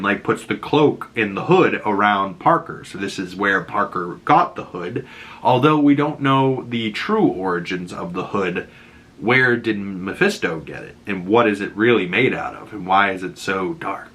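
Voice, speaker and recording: A man breaks down a TV episode in an excitable, rambling recap, tossing "like" into nearly every sentence. His voice sits a little low but comes across bright and forceful, pushing hard through each scene. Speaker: show reviewer.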